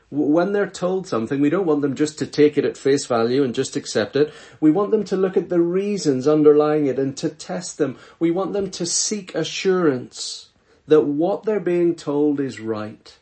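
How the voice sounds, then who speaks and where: A middle-aged pastor reading scripture and preaching an earnest, measured sermon full of rhetorical questions. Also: male voice, on the high side, lively intonation, warm tone.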